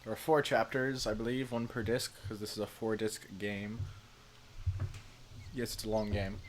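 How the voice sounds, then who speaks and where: A man's voice: fairly low pitch, flat delivery, normal speed, slight background noise. A man streaming a video game, chatting casually with many fillers.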